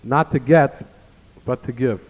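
A man's voice: medium pitch, unhurried, husky. New guy preaching, earnest, tells stories, sounds tinny, kinda echoey hall. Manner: earnest storytelling with Hebrew phrases. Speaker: rabbi giving a talk. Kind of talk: sermon.

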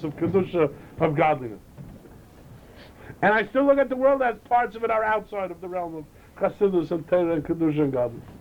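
A man delivers a Chassidic lecture in a fairly high voice, repeating and restarting phrases as he goes. The recording is dull and lo-fi, with a faint hiss behind him.

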